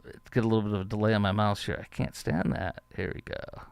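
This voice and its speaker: A man hosting a political talk show, giving opinionated commentary in a sarcastic, mocking way, halting often with fillers. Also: lowish voice, steady tone, vocal fry, clean tone, no room sound.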